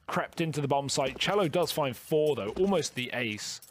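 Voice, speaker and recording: A man commentating a competitive shooter match, calling plays quickly and joking with his co-caster. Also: on the high side, animated, slight background noise. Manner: jokey banter between calls. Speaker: esports caster. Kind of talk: play-by-play commentary.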